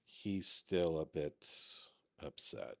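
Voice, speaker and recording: A man voicing a weary, regretful contact who speaks hesitantly and quietly. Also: rumbling low, lively intonation, gravelly, dry recording, clean studio sound, pitched below the performer's own voice, full character voice. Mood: subdued. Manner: hesitant, subdued, halting.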